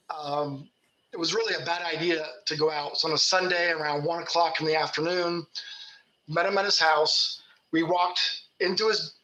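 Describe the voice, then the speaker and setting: Bright-voiced man telling folksy stories. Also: on the high side, roomy sound, highs cut off. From Kentucky. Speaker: Bigfoot researcher guest. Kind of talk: casual storytelling.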